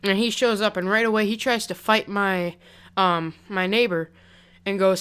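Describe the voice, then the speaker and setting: A man's voice: high-pitched, fairly even intonation, normal speed, bright, forceful tone, smooth. A young man casually telling a story on his vlog, rambling and chatty with lots of "like", into a pop-filtered desk mic. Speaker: vlogger.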